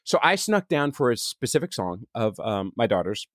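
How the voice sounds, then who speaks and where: A man in his forties co-hosting a podcast, telling a story in a casual, animated way and acting out other people's lines in voices. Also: medium pitch, moderate pace, no echo, studio quality. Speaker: podcast co-host. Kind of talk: casual chat.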